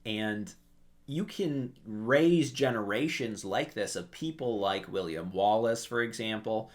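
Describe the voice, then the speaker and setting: A lower-pitched man talking through history in a relaxed, conversational way. His storytelling is animated, and he slips in acted-out quotes as he goes. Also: slow pace. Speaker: commentator. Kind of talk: casual history commentary.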